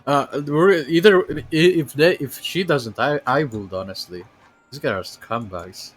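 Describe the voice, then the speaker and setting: An unhurried man with a voice on the high side gives casual gaming commentary as he streams. He rambles through his thoughts, full of fillers and restarts.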